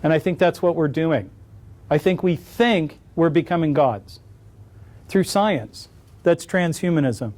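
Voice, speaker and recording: A middle-aged man fields questions after his lecture in a conference hall, his voice sitting high for a man. He talks as a wry storyteller, slipping jokes into his answers. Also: a little slow, darkish tone. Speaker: conference speaker.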